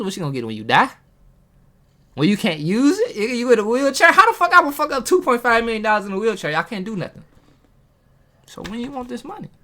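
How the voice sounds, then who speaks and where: His voice is high, pushed and bright as this motivational host, self-filmed at a table, preaches casually to the camera and poses rhetorical questions to those watching.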